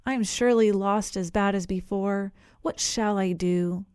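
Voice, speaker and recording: A woman voicing an eager, polite young elephant boy in a storybook, with a bright manner. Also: medium pitch, a little slow, clear, resonant tone, dry recording, studio quality, close to an everyday voice. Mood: worried.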